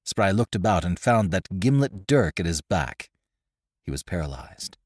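Low-pitched guy reading an old adventure story, super animated, dry close sound. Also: measured pace, breathy edge, dry recording. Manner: expressive, lively reading with character voices. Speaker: narrator and host. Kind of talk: scripted storytelling narration.

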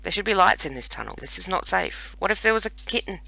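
His voice is high and gravelly, sing-song, quick, pushed and bright, captured dry. The speaker is an Australian man near forty hosting a let's play, chatting casually and ribbing himself as he plays.

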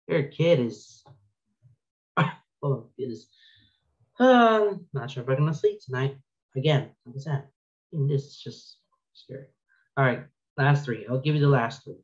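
Guy reading creepy stories on his channel, talks slow, keeps going oh my god and laughing nervously, kinda muffled audio. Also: mid-range voice. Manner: exclaiming, nervous laughter, spooked reactions. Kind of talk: reaction video, reading aloud.

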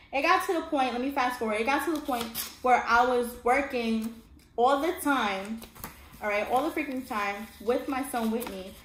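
A woman telling her own story in a casual storytime monologue, emphatic and often checking in with her listener. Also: fairly high pitch. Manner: emphatic, keeps checking in with "all right?" and "okay?". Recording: echoey room with faint background hum.

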